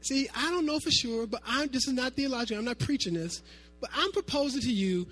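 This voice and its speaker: A man with a very high voice preaches a sermon, talking to the room like friends. He moves between hushed asides and loud, emphatic bursts, with faint music playing underneath. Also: brisk. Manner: animated, swinging from soft asides to shouting. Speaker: pastor.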